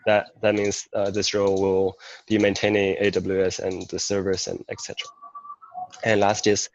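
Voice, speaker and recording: A low-pitched man walks through a proposal at an even, measured pace, his voice flat and close to the mic. The sound is dry and a little dull, like low-fidelity call audio. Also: dry recording. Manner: measured, explains step by step with fillers. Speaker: meeting secretary. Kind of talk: casual meeting talk.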